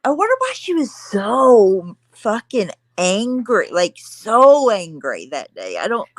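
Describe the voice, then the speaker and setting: A woman joining a casual livestream chat, musing slowly and trailing off mid-thought. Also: medium pitch, huge pitch swings, no echo.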